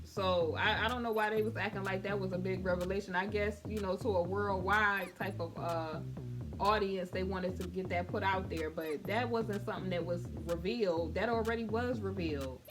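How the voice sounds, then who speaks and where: A woman's voice: medium pitch, normal speed, over music. A woman hosting casual celebrity commentary with a sassy, conversational manner, calling her listeners honey and boo. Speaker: YouTube commentary host.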